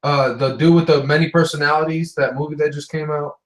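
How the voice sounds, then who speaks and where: A man's voice: on the high side, steady tone, fairly quick. A man co-hosting a podcast in casual chat, laid-back and full of slang and swearing. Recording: roomy, echoey recording.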